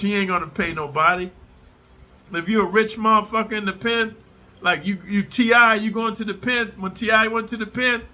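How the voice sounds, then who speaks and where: A man's voice: sits high, bright, forceful tone. A middle-aged man ranting at his audience in a profane, aggressive and confrontational way, as host of his own channel. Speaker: prison storyteller channel host. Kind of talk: profane direct-to-camera rant.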